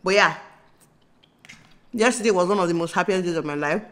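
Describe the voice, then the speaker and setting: A woman in her thirties with a Nigerian accent, chatting excitedly to camera in a casual vlog, bubbly and laughing often. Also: fairly low pitch, brisk, slight background noise. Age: 30s. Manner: bubbly, laughing, breaks into squeals. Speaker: vlogger.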